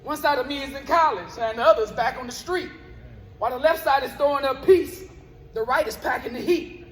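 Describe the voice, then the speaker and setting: A man's voice: extremely high pitch, brisk, fairly bright tone, a little hiss or hum. A man performing spoken word poetry live on stage, with a rhythmic, rhyming delivery. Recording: roomy live venue with long reverb.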